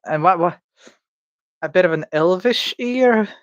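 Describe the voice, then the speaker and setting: The voice sits high and is animated yet unhurried, captured in lo-fi sound with no echo. It belongs to a man at home livestreaming his drawing of game creatures, thinking aloud in a rambling way with stammers, restarts and playful asides.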